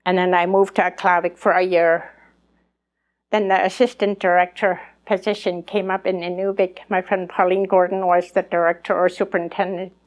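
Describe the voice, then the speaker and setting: A woman's voice: fairly low pitch, little pitch movement, moderate pace. Older woman sharing her story at a conference, earnest, voices the people in it. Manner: earnest, acts out remembered dialogue. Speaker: elder speaking at a conference. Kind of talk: personal storytelling testimony.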